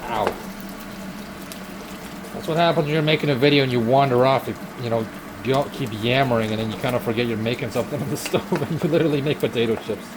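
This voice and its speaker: A man's voice: medium pitch, quick pace, noisy background. A young man venting in a casual vlog from his home kitchen, frustrated and sarcastic, swearing often. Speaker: vlogger. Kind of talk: ranting vlog while cooking.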